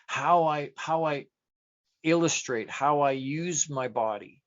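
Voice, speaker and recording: A man's voice: a little high, takes it slowly, fairly bright tone, dry recording. A man giving a motivational talk as a life coach, chatty and self-deprecating, who asks rhetorical questions and answers them himself. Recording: dull, dry lo-fi recording.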